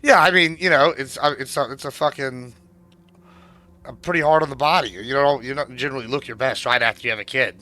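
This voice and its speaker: A man's voice: mid-range voice, fairly quick, pushed and bright. A man streaming a game, chatting casually in a rambling, crude way with plenty of swearing and fillers. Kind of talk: casual chat while gaming.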